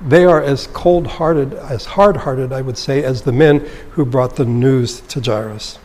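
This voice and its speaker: A man's voice: medium pitch, a little slow, a little mellow, in a large hall. A man leading a Bible study, reading scripture aloud and then explaining it in a conversational way. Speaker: Bible teacher.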